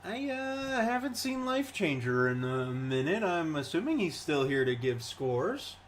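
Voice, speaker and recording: A man giving live commentary on a simulated monster truck event, chatty and excitable, grumbling sarcastically between runs. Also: a little high, unhurried, slight background noise.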